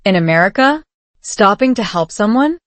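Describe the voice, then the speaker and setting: A woman narrating a first-person story slowly and clearly, for learners. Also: mid-range voice, lively intonation, dry recording. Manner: slow, clear reading for learners. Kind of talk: slow scripted story narration.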